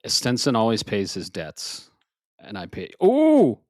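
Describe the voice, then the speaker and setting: A man co-hosting a casual gaming podcast, slightly out of breath, swearing freely and swinging from loud bursts to low mutters. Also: a little slow, no room sound, studio quality. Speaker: podcast co-host.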